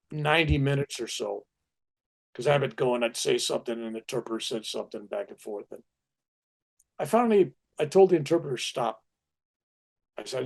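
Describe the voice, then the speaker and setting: Older male storyteller, gravelly low-key voice, lively acted-out quotes, conversational. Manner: animated anecdotes with acted-out quotes. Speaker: spiritual teacher.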